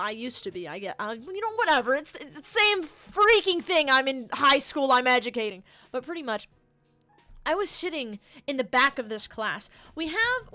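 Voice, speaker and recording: A woman spins a rambling, slangy storytime while gaming on stream. Her voice sits a bit high and sounds bright and sharp, with faint music playing underneath. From United States.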